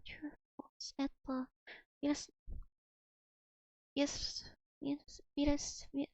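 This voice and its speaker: A woman's voice: high voice, drawn-out words, long pauses, fairly bright tone, dry recording, lo-fi sound. A young woman streaming casually, chatty and self-mocking, filling her talk with "like" as she sounds out foreign words. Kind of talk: casual livestream chat, practicing Russian words aloud.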